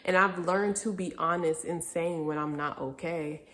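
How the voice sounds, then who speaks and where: A woman's voice: on the low side, fairly even intonation, normal speed, fairly bright tone. A young woman vlogger telling a personal story in a candid, reflective way, now and then laughing through hard memories. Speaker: vlogger, mother. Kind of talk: casual personal storytelling to camera.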